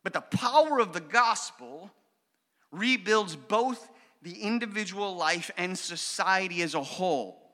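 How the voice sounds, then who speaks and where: Bright, high-voiced man preaching in a hall. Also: lively intonation, unhurried. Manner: earnest, emphatic preaching with storytelling. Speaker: pastor. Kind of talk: sermon. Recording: long hall reverb.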